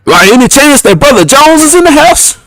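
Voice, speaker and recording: A man putting on the voice of a nosy, smooth-talking middle-aged preacher, with a drawling, sing-song church cadence. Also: extremely high pitch, sing-song, brisk, fairly bright tone, no echo, soft background music, pitched above the performer's own voice, heavily acted, rough recording. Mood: mock-pious.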